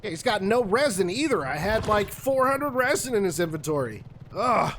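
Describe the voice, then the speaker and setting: Male gaming vlogger, high voice, lively commentary while playing, exasperated outbursts at the game, faint background hiss. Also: moderate pace. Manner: animated, exasperated, talks to the game. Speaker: gaming YouTuber.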